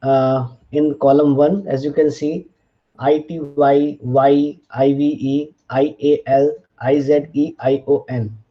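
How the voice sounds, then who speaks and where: A man's voice: fairly high pitch, fairly even intonation. A man teaching a linguistics lecture, spelling out letters and checking in with "fine" as he moves through examples. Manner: slow, deliberate, spells out letters, frequent "fine" and "uh". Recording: slightly dull, lo-fi audio.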